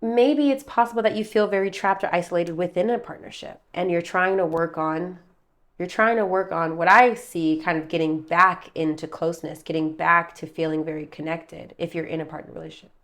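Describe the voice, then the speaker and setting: A chatty woman reads tarot cards to her viewers from her room at home, rambling and calling them babe and baby. Her voice sits a little low. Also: steady tone, a little fast, fairly bright tone. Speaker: tarot reader. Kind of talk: casual tarot reading to camera.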